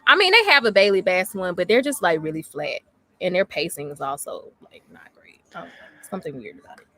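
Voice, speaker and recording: A woman co-hosting a casual fan award show, chatty and animated, full of fillers. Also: lowish voice, fairly quick. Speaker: co-host. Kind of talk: casual chat, running a fan vote.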